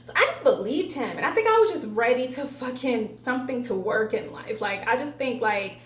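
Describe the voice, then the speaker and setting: Animated, profane young woman vlogger. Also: fairly high pitch, moderate pace. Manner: profane, animated retelling with acted-out quotes. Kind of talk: casual storytelling vlog. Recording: echoey room, faint ambience.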